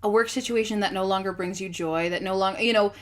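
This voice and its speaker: A woman's voice: mid-range voice, steady tone, fast. A young adult woman, a guest in a casual chat, joking and playful, now and then swearing.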